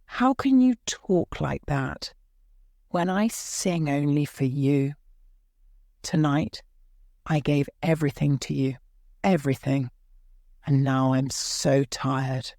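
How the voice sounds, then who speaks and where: A woman's voice: sits low, slow pace, long pauses, dark tone, dry recording, clean studio sound. A woman voicing an unhappy, frightened young woman singer, in a storybook reading. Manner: unhappy, afraid.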